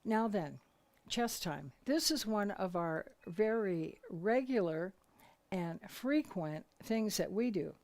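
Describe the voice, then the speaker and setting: Gentle older woman teaching. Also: medium pitch, lively intonation. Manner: gentle, unhurried, acts out quoted voices. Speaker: spiritual teacher. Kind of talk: relaxed talk with anecdotes.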